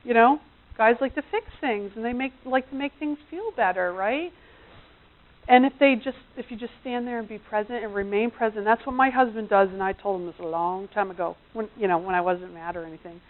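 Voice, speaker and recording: A middle-aged woman giving a seminar talk in a chatty way, acting out quotes with sudden loud high bursts. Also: a little fast. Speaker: seminar presenter. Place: seminar room. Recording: tinny phone-like sound.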